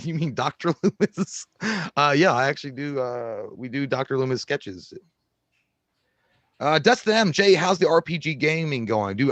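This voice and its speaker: A man's voice: mid-range voice, fairly bright tone, no echo, highs cut off. A man co-hosting a casual movie-news podcast, talking in a laid-back, rambling way and swearing freely. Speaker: podcast co-host.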